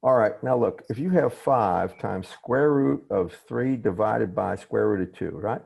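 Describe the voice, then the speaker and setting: A man teaching a class over a video call, his voice low, gravelly and husky. He often stops mid-thought to correct himself and say sorry, then goes on. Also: unhurried, a little mellow. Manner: apologetic, restarts and self-corrections. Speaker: professor. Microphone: computer mic on a video call.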